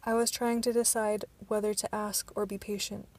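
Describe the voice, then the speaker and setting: Woman with a gravelly, flat reading voice. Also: medium pitch, moderate pace. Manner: stumbling, with restarts. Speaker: audiobook narrator. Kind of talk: amateur audiobook reading.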